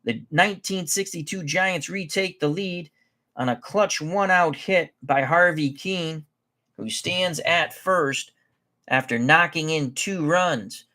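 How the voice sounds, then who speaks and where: Running a tabletop baseball game, this man calls the action in a relaxed, talkative way, fixing his own slips as he goes. His voice is on the high side with a sharp tone.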